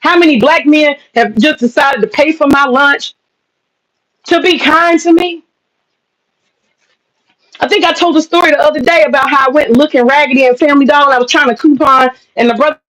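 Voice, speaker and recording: Woman w/ ranting to her viewers, blunt and cussing, higher voice. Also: fairly bright tone, low-quality recording. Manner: blunt, profane, rhetorical questions. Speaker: commentary channel host. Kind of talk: ranting opinion commentary.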